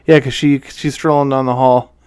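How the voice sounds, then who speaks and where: A man co-hosting a horror podcast, casually recapping a film and acting out the characters' lines in quick quotes. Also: medium pitch, little pitch movement, a little mellow, smooth, dry recording. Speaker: podcast co-host. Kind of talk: casual movie recap chat.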